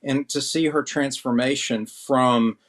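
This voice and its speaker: A man's voice: medium pitch, fairly even intonation, measured pace. A man co-hosting a casual panel chat, joking and playful, talking expansively.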